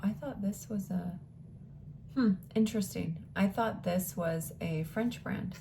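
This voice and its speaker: A woman's voice: medium pitch, unhurried, gravelly, dark tone, slight background noise. A woman vlogger chatting casually as she unboxes beauty samples, thinking aloud and now and then dropping into a whisper.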